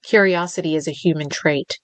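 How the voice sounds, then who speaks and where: A woman voicing a controlled female ex-Navy SEAL, speaking low, even and direct. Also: a little fast, no echo, close to an everyday voice. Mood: cold, level.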